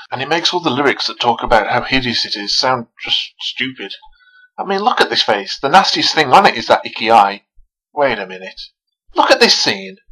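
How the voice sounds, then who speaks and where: A man narrating a scripted film review in a sarcastic, animated, mocking way. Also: mid-range voice, husky, low-quality recording.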